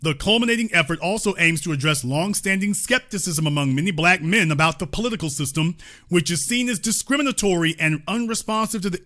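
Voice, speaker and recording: Man, commentary host, indignant, sarcastic, lively swooping pitch, bright tense tone. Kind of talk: opinion commentary.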